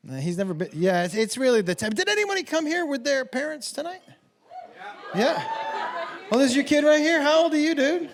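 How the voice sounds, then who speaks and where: A middle-aged man doing stand-up storytelling, profane and animated, who often laughs at his own jokes. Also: very high-pitched, fairly quick. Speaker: stand-up comedian. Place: comedy stage before an audience. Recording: live show with loud crowd noise.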